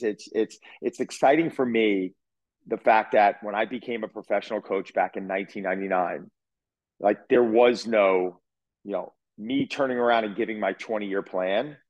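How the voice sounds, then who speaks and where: A man's voice: on the low side, brisk, no echo, muffled recording. A man in his forties, a fitness coach talking as a podcast guest over a video call, emphatic and blunt with casual swearing. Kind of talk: casual interview talk.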